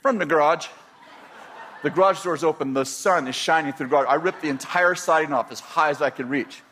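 A man's voice: a little high, quick pace, bright, forceful tone, slight background noise. An older man from California telling a personal story in a rambling way, with many restarts and chuckles. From California, USA.

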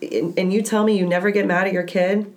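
A woman in her thirties chatting casually about parenting, telling stories with lively acted-out voices. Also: mid-range voice, fast. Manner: animated storyteller acting out her kid. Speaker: podcast co-host, mother of a toddler. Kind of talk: casual chat.

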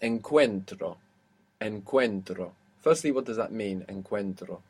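A man's voice: on the low side, animated, unhurried, a little mellow, breathy edge. Guy running a language lesson, patient, keeps quizzing and explaining. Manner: patient, questioning, explains step by step. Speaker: language teacher.

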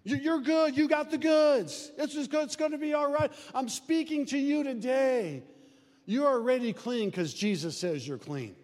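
High-voiced man preaching in a hall. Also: animated, normal speed, a little mellow. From US Midwest. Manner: folksy, conversational preaching. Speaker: pastor. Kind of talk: sermon. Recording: long hall reverb.

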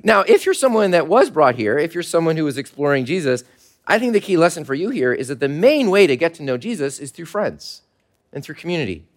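A man, a pastor, preaching a sermon to his congregation in a relaxed, conversational way with light laughter. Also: a little high. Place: church service held in a mall.

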